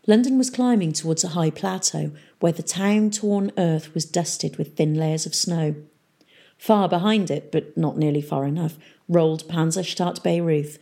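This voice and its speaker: A woman narrating an audiobook in a steady storytelling manner. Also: sits low, vocal fry, breathy edge. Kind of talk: audiobook reading.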